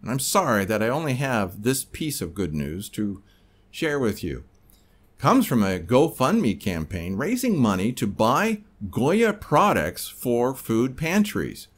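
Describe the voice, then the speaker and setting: A man's voice: mid-range voice, very animated, takes it slowly. A man hosting a commentary podcast, talking in a conversational, editorializing way. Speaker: podcast host.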